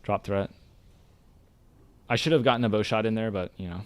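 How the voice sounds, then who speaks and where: A young man streaming a game, talking through his play with excitable, ranting frustration. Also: lowish voice, moderate pace. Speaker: gaming streamer. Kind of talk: live gameplay commentary.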